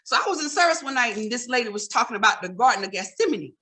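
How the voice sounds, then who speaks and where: A woman's voice: fairly high pitch, fast talker. A woman comedian doing stand-up, talking straight to her audience and teasing them. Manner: animated, teasing direct address to the audience.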